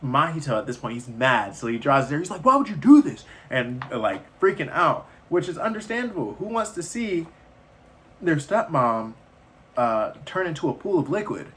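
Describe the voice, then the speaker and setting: A man's voice: medium pitch, lively intonation, normal speed, a bit bright. Man, mid-range voice, casual rambling plot recap, slangy and loose. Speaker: movie reviewer.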